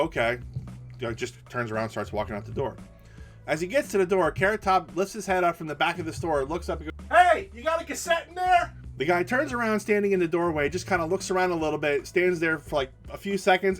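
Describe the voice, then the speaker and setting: A man telling a retail work story in a casual rant, animated and full of restarts. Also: a little high, fast talker, soft background music. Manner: animated, acts out the people in his story; repeats and restarts words often. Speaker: storytelling vlogger.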